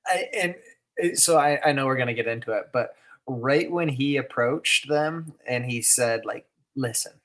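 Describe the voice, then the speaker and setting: A man's voice: mid-range voice, normal speed, fairly bright tone. A man co-hosting a casual reaction podcast, talking in an easygoing, loose way and chuckling often. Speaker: podcast co-host.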